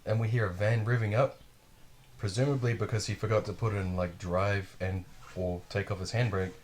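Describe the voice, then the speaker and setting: Podcast host, man, lowish voice, loose, swearing storyteller who acts out the people in his story. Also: normal speed. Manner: profane, animated, acts out quotes. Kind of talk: casual storytelling.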